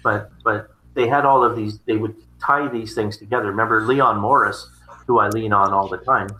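A man with a fairly low, bright voice talks through theology in a loose, rambling way, often repeating his words. The room around him is echoey. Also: fairly even intonation, moderate pace. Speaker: theology discussion partner. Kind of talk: casual conversation.

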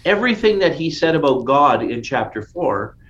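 A man's voice: fairly high pitch, big pitch swings, moderate pace, a bit bright. Man leading a casual Bible study. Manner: enthusiastic, conversational, frequent restarts. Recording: dull lo-fi sound with faint noise.

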